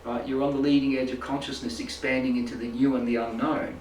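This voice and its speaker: A man's voice: medium pitch, flat delivery, quick pace, a little mellow, a little hiss or hum. A man teaching a small group in a loose, rambling way, often checking in with "right?" and "make sense?". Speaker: spiritual healing teacher. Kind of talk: informal talk to a small group. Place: indoor room with a live audience. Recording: echoey room, mic at a distance.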